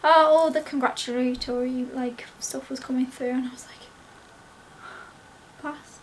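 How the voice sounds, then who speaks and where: Young woman, high-pitched, excitable storyteller; light background noise. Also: brisk. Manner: breathless, gushing, acts out quoted voices. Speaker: vlogger.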